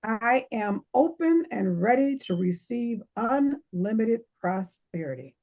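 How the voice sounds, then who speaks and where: A woman on a group video call slowly reading an affirmation aloud. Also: on the high side, big pitch swings, darkish tone, highs cut off.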